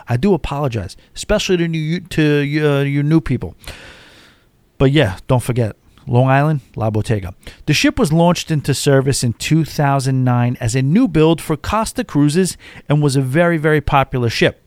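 A man rambles cheerfully through a solo cruise commentary, his voice sitting a bit high for a man. The sound is close and dry, with no room around it. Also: animated, moderate pace, a little mellow, no room sound. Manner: rambling, chatty, jumps between topics. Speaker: cruise podcast host.

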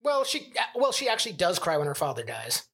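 A man's voice: high voice, wildly swooping pitch, brisk, gravelly, fairly bright tone. A man co-hosting a podcast, critiquing a film in casual, rambling chat that is full of "like.". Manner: chatty, rambling, lots of "like" fillers. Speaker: podcast co-host.

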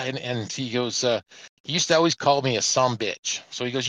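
A man, casually telling a long, animated anecdote on a podcast panel. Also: medium pitch, moderate pace, dry recording, low-quality recording. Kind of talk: casual storytelling chat. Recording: music playing underneath.

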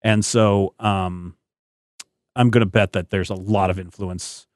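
Male podcast host, low pitch, dry close sound, meandering chatty delivery. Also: fairly even intonation, a little slow, a little mellow, dry recording. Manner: rambling, thinks aloud with many fillers. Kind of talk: casual podcast discussion.

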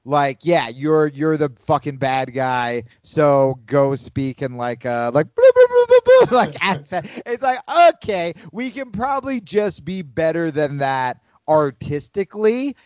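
A man talking in a loose, rambling way, swearing freely and getting animated. His voice sits a bit high for a man. The recording is dry and slightly dull. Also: takes it slowly, hardly any pauses, dry recording. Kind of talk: casual chat.

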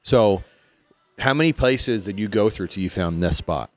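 A low-pitched man hosts a casual podcast conversation. His voice swings widely up and down as he jokes and laughs between questions. The sound is close and dry. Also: normal speed, no echo. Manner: animated, joking, laughs often. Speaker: podcast host. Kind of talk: casual chat.

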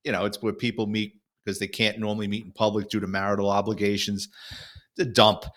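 A man, a former police officer, telling a story in an animated, easygoing way. He acts out quoted lines from the people in it as he goes. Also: lowish voice, fairly quick. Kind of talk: casual storytelling chat.

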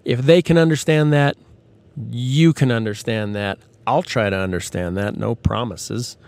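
Male podcast host, mid-pitch, conversational and earnest, dead-dry close sound. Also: a little slow, gravelly, a little mellow, no room sound. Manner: conversational, earnest, with frequent fillers and restarts. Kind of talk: casual monologue.

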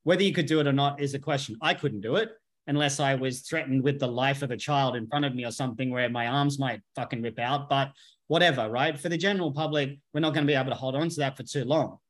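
A man's voice: medium pitch, quick pace. A man talking bluntly and emphatically in a casual conversation, swearing freely as a podcast guest.

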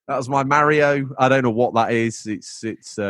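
A man's voice: medium pitch, brisk, hardly any pauses, a bit bright, no echo, studio quality. A man hosting a casual gaming podcast, joking and reading out listener messages. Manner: jokey, reads listener messages aloud. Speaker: podcast host.

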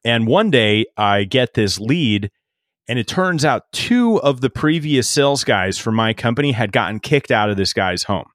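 As a podcast guest, a middle-aged man tells a casual sales story, laughing often and quoting himself in animated fashion. His medium-pitched voice moves at a normal speed, recorded cleanly in a studio with no echo.

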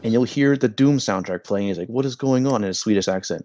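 A young man hosting a casual sports podcast, joking and telling rambling stories in an animated way. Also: lowish voice, fast talker, dry recording. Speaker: podcast host. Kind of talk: casual hockey podcast banter.

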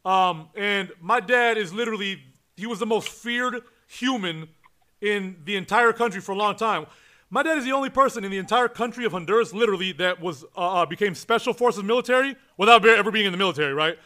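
A man hosting a casual podcast, swearing freely and telling stories with excitement. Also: high-pitched, brisk. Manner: profane, excitable storyteller. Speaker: podcast host.

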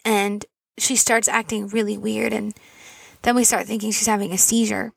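Woman, 30s, mother recounting a story; earnest and rambling, gravelly undertone, dry close sound. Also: mid-range voice, flat delivery, normal speed, dry recording. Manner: earnest, rambling with fillers and asides. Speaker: mother telling a personal story. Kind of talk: casual storytelling to camera.

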